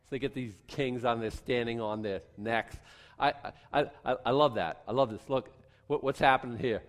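A man preaching a sermon, wry and animated, acting out voices for God and the kings as he reads scripture. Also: mid-range voice, normal speed, big-room sound. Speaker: pastor.

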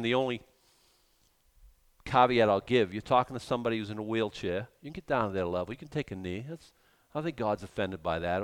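Animated man preaching a sermon. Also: medium pitch. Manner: animated, swings from hushed to loud.

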